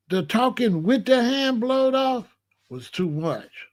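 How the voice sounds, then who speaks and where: A man with a high voice hosts a live reaction stream. He talks in an unhurried, drawn-out way, loose and casual. He keeps circling back to the same points and keeps asking his viewers questions. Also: expressive. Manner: casual, repetitive, asks chat questions. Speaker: commentary channel host.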